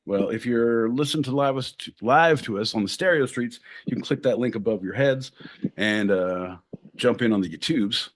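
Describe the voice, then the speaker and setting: A man from Southern California co-hosting a podcast with rowdy, jokey banter, switching between showman bursts and low mutters. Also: lively intonation, normal speed. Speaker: podcast co-host.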